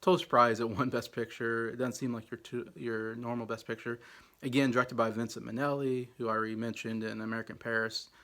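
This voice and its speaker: This film reviewer speaks at a fairly quick clip in a medium-pitched, fairly bright voice that barely rises or falls. He rambles casually through a ranking of old movies, packing his talk with fillers and hedges.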